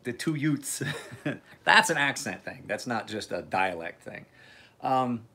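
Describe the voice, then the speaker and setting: A man's voice: on the low side, lively intonation, a little slow, pushed and bright. A man hosting a casual live stream, rambling in a laid-back way, swearing freely and laughing often.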